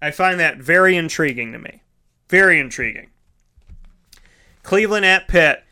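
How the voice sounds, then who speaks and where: A man's voice: on the high side, expressive, moderate pace, sharp tone, smooth. A man hosting a casual solo sports talk show, chatty and rambling, correcting himself mid-sentence and calling his listeners folks.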